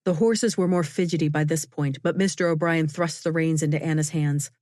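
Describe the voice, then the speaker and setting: A woman narrating a novel in a measured, expressive reading. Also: deep voice, no room sound. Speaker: audiobook narrator. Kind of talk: scripted narration. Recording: dry, close studio sound.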